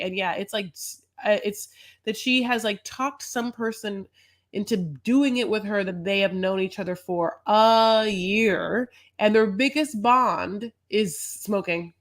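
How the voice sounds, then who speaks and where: A woman's voice: medium pitch, slow. A woman co-hosting a podcast in casual chat, rambling and playful while recapping a reality show. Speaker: podcast co-host.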